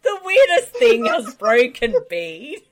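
Woman co-host, casual chat, wry dry quips, animated delivery. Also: fairly high pitch, slow. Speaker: podcast co-host. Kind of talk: casual movie-riffing podcast chat.

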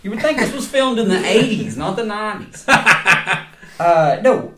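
A man's voice: high voice, sing-song, normal speed. A man co-hosting a casual movie podcast, rambling and laughing often as he jokes. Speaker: podcast co-host. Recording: echoey room with chatter behind.

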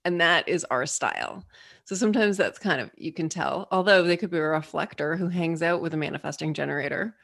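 A woman as an interview guest, explaining ideas in a lively, playful way. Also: low-pitched, a little fast, creaky, no echo, clean studio sound. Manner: animated, playful storyteller. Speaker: guest explaining personality types. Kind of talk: casual interview talk.

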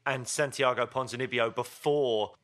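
A man's voice: mid-range voice, steady tone, moderate pace, a bit bright. A man co-hosting a fight podcast, chatting casually and telling stories with lots of fillers. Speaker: podcast co-host. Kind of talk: casual chat.

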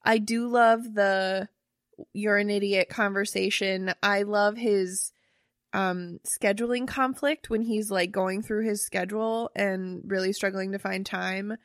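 A woman's voice: mid-range voice, fairly even intonation, measured pace, no room sound, clean studio sound. A young woman co-hosting a podcast in casual chat, chatty and casual, swearing freely.

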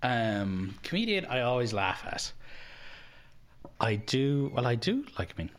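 A man's voice: mid-range voice, sing-song, a little slow. A young Irish man as a podcast guest, chatting in a rambling, self-deprecating way with lots of fillers. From Ireland. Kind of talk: casual interview chat.

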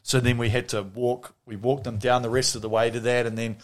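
A man's voice: mid-range voice, little pitch movement, fairly quick. A man with a New Zealand accent telling stories in casual chat, rambling and laughing often.

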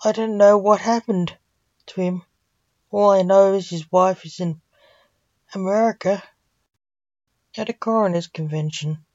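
A woman's voice: medium pitch, fairly even intonation, a little slow, long pauses, a little mellow, dry recording, close to an everyday voice. A woman reading a fretful male assistant. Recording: dull dry lo-fi recording.

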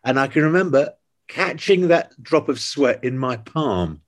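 An older man, an actor guest, telling stories in lively conversation and acting out the voices of the people in them. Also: medium pitch, unhurried. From England. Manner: animated anecdotes, acting out quoted voices. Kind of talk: conversational storytelling.

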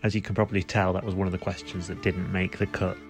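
A man reading scripted quiz questions in a measured, deadpan way. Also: deep voice, faint music behind. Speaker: quiz presenter.

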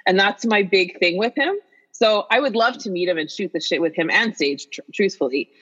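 A woman in her fifties chatting as a podcast guest, an animated storyteller who swears freely. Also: medium pitch, moderate pace, breathy edge, highs cut off. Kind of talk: casual chat.

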